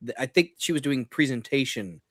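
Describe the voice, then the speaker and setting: A man's voice: mid-range voice, lively intonation, brisk, a bit bright, no echo, clean studio sound. A man in casual chat who rambles and trails off mid-thought.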